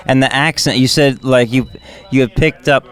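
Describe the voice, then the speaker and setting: A man's voice: mid-range voice, fairly even intonation, moderate pace, fairly bright tone. A man hosting a casual podcast interview, asking questions with many restarts and repeating his guest's words back. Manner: hesitant, restarts often, echoes guest's words. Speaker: podcast host.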